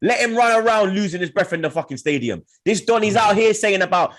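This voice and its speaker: A man's voice: high-pitched, animated, brisk, a bit bright. A young man, hosting a football podcast and trash-talking rival fans in heated, laughing banter.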